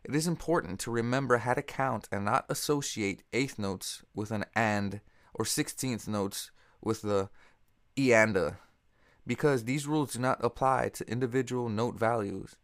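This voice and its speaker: A man narrating a scripted music theory lesson, explaining in a steady, measured way and counting beats aloud. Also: mid-range voice, dry recording, studio quality. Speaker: music teacher.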